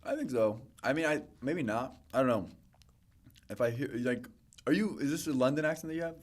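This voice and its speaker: Fast chatty american guy, comedian on a podcast, mid-pitch, jokes around. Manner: chatty, jokey, animated. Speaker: comedian guest. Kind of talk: casual chat.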